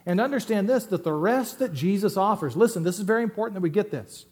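Middle-aged male pastor, emphatic sermon delivery with sudden loud and soft turns, voice a little high. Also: expressive, fast. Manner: emphatic, swings between loud stresses and quiet asides.

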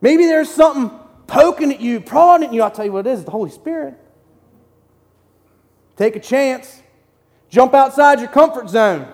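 A man giving an excited, conversational sermon in short punchy phrases as a lay preacher in a church. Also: very high voice, moderate pace, pauses often. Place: church sanctuary. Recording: long hall reverb.

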